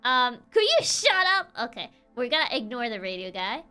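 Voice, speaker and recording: A woman's voice: on the high side, very animated, moderate pace, bright, forceful tone, smooth, faint music behind. A young woman streaming a story game, with playful, teasing commentary that is full of giggles and stumbling restarts. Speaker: gaming streamer.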